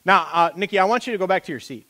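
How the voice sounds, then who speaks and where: A man preaching a sermon as pastor, animated and conversational, joking with a volunteer on a church stage. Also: sits high, rapid-fire. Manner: animated, rising to loud impassioned preaching.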